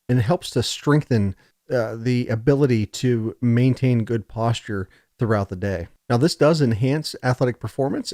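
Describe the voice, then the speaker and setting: A man's voice: mid-range voice, dark tone, dry recording, studio quality. A man giving a casual, digressive recorded lecture, joking along the way, his throat a little scratchy. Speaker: college lecturer.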